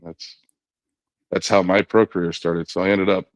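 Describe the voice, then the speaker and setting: Deep-voiced man telling his story. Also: normal speed, no room sound. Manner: relaxed storyteller, quotes others in his own voice, frequent "you know" and restarts. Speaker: podcast guest, former knuckleball pitcher. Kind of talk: conversational storytelling interview.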